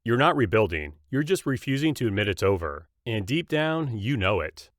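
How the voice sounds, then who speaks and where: A man narrating a scripted comedy roast in a mocking, punchy deadpan. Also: medium pitch, normal speed, slight background noise.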